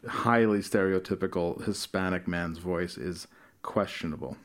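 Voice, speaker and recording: A man's voice: low voice, steady tone, normal speed. A man co-hosting a podcast in casual chat, laid-back, swearing often and laughing a lot. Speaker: podcast co-host.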